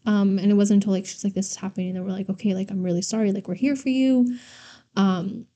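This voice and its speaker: A woman co-hosting a casual talk show, telling a story with lots of animation. Her voice is mellow and dark, and she peppers her speech with "y'all" and "like". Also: medium pitch, steady tone, fast. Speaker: podcast co-host and trainer.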